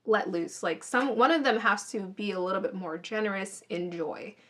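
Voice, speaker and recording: A woman's voice: mid-range voice, normal speed, fairly bright tone. A woman casually giving her opinions in a TV review, chatty and thinking aloud with restarts, recorded on a phone. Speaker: reality TV reviewer.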